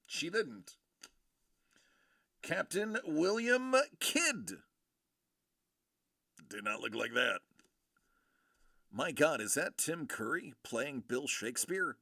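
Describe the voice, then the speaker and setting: A man doing casual live-stream commentary while opening collectible cards, joking and reacting loudly. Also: medium pitch, expressive, unhurried, dry recording, clean studio sound.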